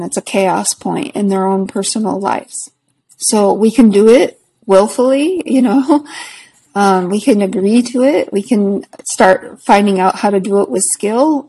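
Woman, podcast guest, reflective and earnest, slow and breathy. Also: mid-range voice, low-quality recording. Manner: reflective, earnest, laughs softly between thoughts. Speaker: podcast guest, spiritual practitioner. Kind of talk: casual conversation.

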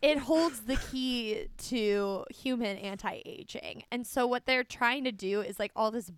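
Young woman, high voice, dry close sound, animated, laughs a lot. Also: measured pace, clear, resonant tone, dry recording. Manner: animated, laughs often while telling stories. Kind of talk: casual storytelling chat.

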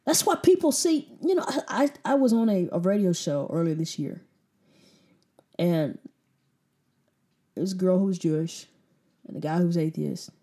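A woman's voice: fairly low pitch, expressive, moderate pace, pauses often, warm tone. A woman preaching a sermon with emphatic repetition and pointed rhetorical questions.

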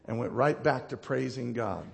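A middle-aged man preaching a passionate sermon, rising to loud declarations and dropping to hushed, intimate moments. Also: medium pitch, moderate pace, creaky. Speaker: pastor. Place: church sanctuary. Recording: long hall reverb.

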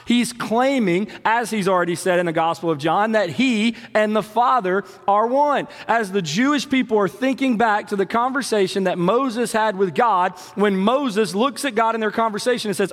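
A man preaching a sermon as pastor, emphatic, with dramatic swings in pitch and slow stressed phrases. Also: fairly bright tone. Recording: long hall reverb.

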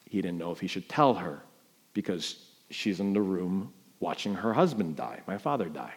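A man's voice: sits low, lively intonation, moderate pace, breathy edge. Emotional middle-aged man preaching. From New York. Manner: emotional storytelling with sharp swings between loud emphasis and quiet. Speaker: pastor. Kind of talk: sermon.

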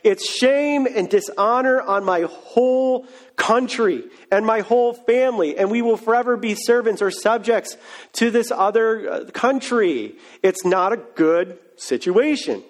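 A man's voice: high-pitched, unhurried. A man preaching a sermon, retelling a story in a casual, joking way. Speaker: pastor.

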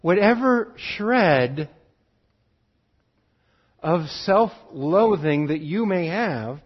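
A man preaching a sermon in an earnest way, switching between urgent bursts and quiet, drawn-out phrases. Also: high-pitched, expressive, slightly rough, highs cut off.

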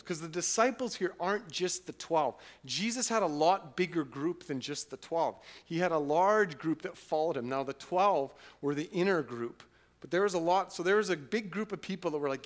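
A man preaching a sermon, moving from loud, emphatic passages to quiet, reflective ones, sometimes acting out a listener's doubts. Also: a little high, lively intonation. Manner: acts out listeners' doubts in a casual, halting voice. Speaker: pastor.

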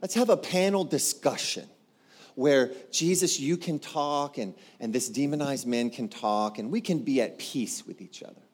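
A preacher voicing a timid church peacekeeper man who hushes everyone in a soft, hesitant way. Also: mid-range voice, normal speed, lightly acted. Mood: placating.

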